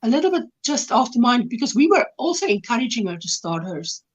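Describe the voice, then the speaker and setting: Lively, husky South African woman on a call. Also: a little high, fairly quick, lo-fi sound. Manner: chatty, laughs while explaining. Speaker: guest. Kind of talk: casual video-call interview. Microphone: video call.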